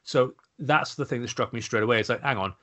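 A man's voice: medium pitch, fast, bright, forceful tone. A man co-hosting a casual podcast chat, hesitant and full of ums. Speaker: podcast co-host.

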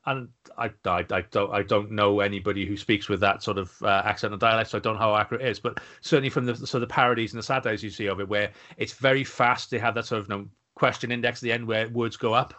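Low-voiced, hesitant man. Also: steady tone, fast, hardly any pauses, bright, forceful tone. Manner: hesitant, full of ums. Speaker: podcast co-host. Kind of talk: casual chat.

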